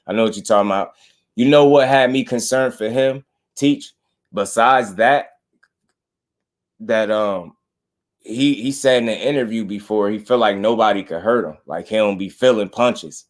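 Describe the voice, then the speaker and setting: A man's voice: on the low side, normal speed. A man hosting a boxing channel live stream, chatting casually with slangy, laid-back talk and greeting viewers.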